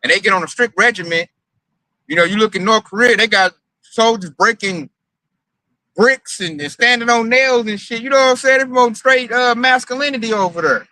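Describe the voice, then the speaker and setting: A man's voice: very high voice, fairly quick, bright, forceful tone, no room sound, rough recording. A man preaching in a casual, emphatic and profane way, mocking his targets as he talks.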